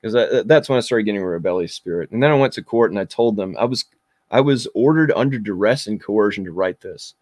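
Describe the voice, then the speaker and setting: A man's voice: lowish voice, lively intonation, fast, darkish tone, dry recording, clean studio sound. A man in his forties, a podcast guest, bluntly and intensely recounting his own past with frequent fillers. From Kentucky. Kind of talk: personal storytelling.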